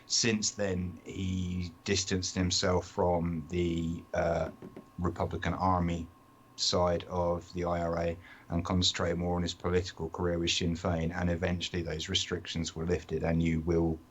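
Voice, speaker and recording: Deep british guy cohosting a podcast, dry jokes, explains stuff with lots of ums, bit of background hum. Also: monotone, a little slow. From United Kingdom. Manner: dry, self-deprecating, explains at length with fillers. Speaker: podcast co-host. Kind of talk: casual chat.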